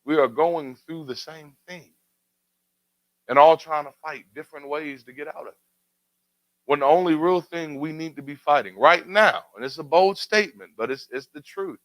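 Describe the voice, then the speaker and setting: A man's voice: a little high, moderate pace, fairly bright tone, dry recording, poor audio. Preacherly man with a raised voice. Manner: preacherly, rhetorical questions, builds emphatic refrains. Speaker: radio show host. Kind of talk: community talk radio commentary.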